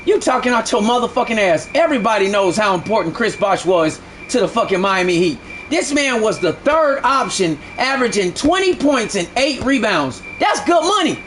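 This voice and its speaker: A man's voice: sits high, big pitch swings, moderate pace, hardly any pauses, fairly bright tone, a little hiss or hum. A man streaming live who argues heatedly with his chat, repeating himself and swearing a lot. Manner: heated, repetitive, profane arguing.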